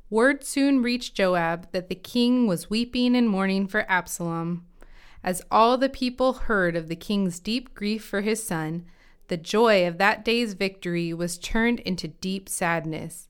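A woman reads scripture aloud at a measured, steady pace. Her voice is very clear and smooth, at a middle pitch. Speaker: Bible reader. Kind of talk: scripture reading.

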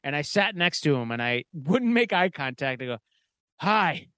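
A man's voice: on the high side, sing-song, a little fast, fairly bright tone, clean tone, no room sound. A man co-hosting a podcast, telling a casual, profane, rambling story full of "like" fillers. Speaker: podcast co-host.

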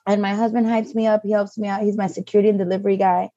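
A woman's voice: medium pitch, racing, dull audio, a little hiss or hum. A middle-aged woman chatting casually as a guest, telling a story and acting out the voices of others. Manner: animated storyteller acting out quotes. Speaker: client, podcast guest. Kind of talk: casual conversation.

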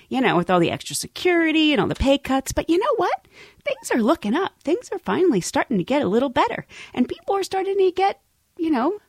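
A woman hosting a podcast, telling stories in a casual, animated way and laughing often. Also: high voice, no room sound, studio quality. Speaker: podcast host. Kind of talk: casual storytelling.

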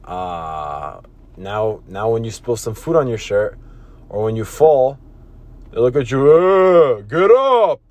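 Unhurried and mellow, this podcast host has a lowish voice captured in a dry recording. Leading a motivational show, he talks earnestly with frequent restarts and repeated phrases, slipping into quoted scolding voices.

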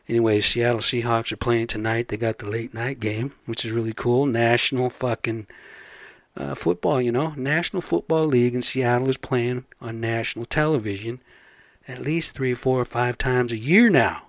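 A man's voice: medium pitch, normal speed, no room sound, studio quality. A man hosting a casual vlog, rambling bluntly and swearing freely. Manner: rambling, blunt and profane, asks listeners "right?". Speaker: vlog host. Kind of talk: casual profane monologue.

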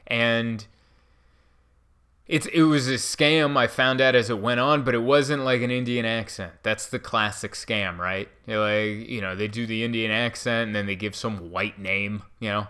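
A man in his mid-thirties telling a story in a rambling, self-mocking way, with animated bursts. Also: fairly low pitch, clean tone. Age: 30s. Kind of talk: casual storytelling monologue.

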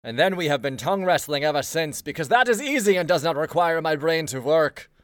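A man's voice: on the high side, lively intonation, brisk, no echo, clean studio sound, voice pushed up, lightly acted. A man voicing a dim, lustful young prince who talks bluntly and obliviously.

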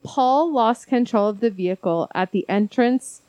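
A woman's voice: on the high side, normal speed, no echo, dull audio. A woman co-hosting a casual conspiracy podcast, rambling and self-deprecating, often laughing. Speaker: podcast co-host.

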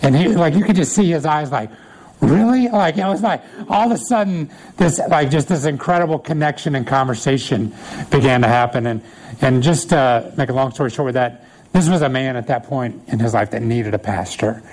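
A male pastor preaching a sermon in a casual storytelling way, animated and conversational, with frequent fillers and laughter at his own stories. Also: medium pitch, fairly quick, rough recording.

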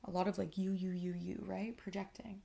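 A woman hosts a podcast, reflecting on her own experiences in a candid solo monologue. Her voice sits at a middling pitch with a noticeable creaky, gravelly fry. She talks conversationally and keeps checking in with her listener. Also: little pitch movement, moderate pace, dark tone. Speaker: podcast host.

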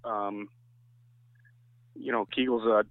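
A man from Canada, a softball pitcher, telling rambling anecdotes as a podcast guest. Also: little pitch movement, slow pace, dry recording. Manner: rambling anecdotes with many restarts. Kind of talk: casual chat, storytelling. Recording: tinny phone-like line, dry.

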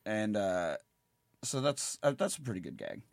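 A man's voice: fairly low pitch, very animated, normal speed, no room sound, clean studio sound. A man co-hosting a podcast, talking casually about a movie and laughing often. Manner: chatty, laughs often, quotes scenes. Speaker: podcast co-host.

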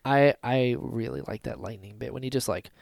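A man co-hosting a casual fan podcast, talking excitedly and acting out scenes with sudden loud bursts. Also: mid-range voice, fairly quick, vocal fry, no room sound, clean studio sound. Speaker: podcast co-host.

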